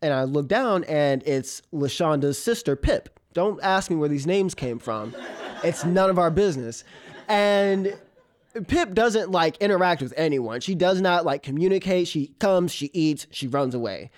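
Animated male comedian telling a story. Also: a little high, a little slow. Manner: animated, laughing through the telling, mimics a cat's meows. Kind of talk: live storytelling.

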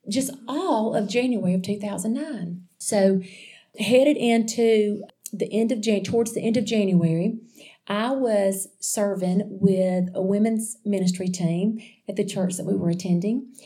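A middle-aged woman tells a personal story in a relaxed, conversational way. She is chatty and animated, laughs often and speaks straight to her listeners. Her voice sits at a mid pitch. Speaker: speaker sharing a testimony. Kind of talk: casual storytelling testimony.

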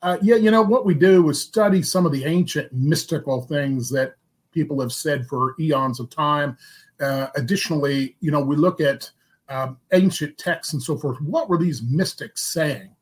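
Male talk-show guest, relaxed and plainspoken explainer, slightly high voice. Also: moderate pace, husky.

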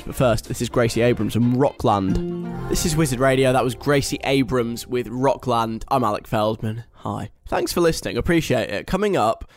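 A young British man hosting a radio show, reading a list aloud and mocking it in a chatty, wry way. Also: medium pitch. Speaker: radio host. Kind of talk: casual radio talk.

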